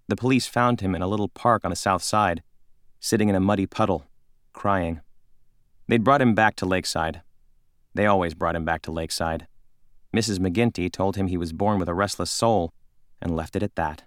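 A man reading a children's novel aloud in a calm, measured narration. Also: fairly low pitch, dry recording, clean studio sound. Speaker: audiobook narrator. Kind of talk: scripted narration.

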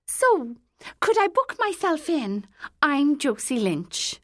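An eager, anxious middle-aged woman customer in an audiobook, pushy and bargain-hunting, as a female narrator plays her. The voice sits well above the reader's own and rises shrill with excitement, and the delivery is slow and drawn out. The recording is dry and close. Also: no echo, full character voice.

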